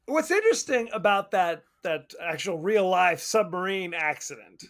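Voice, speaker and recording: A man co-hosting a podcast, telling a movie's story in a casual, animated way with cursing and laughter. His voice sits high for a man. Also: normal speed. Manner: loose and profane, animated retelling with laughs. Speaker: podcast co-host. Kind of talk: casual movie recap chat.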